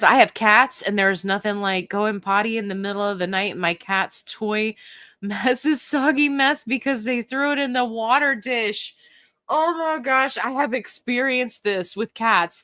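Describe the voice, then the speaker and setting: A playful woman chats her way through viewer comments on a home livestream. Her voice is mid-pitched and sounds close and dry, with no room echo, and she is quick to poke fun at herself. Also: fairly bright tone. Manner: chatty, playful and self-mocking, laughs often. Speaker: livestream host. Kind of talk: casual live Q&A, reading chat comments.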